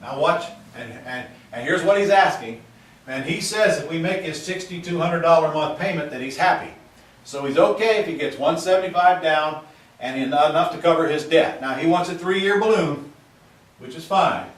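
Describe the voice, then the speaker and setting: A man's voice: fairly high pitch, normal speed. A man teaching real estate investing in a folksy, emphatic seminar style, stretching out key words for emphasis. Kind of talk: seminar-style sales talk to camera. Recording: roomy, from a distance.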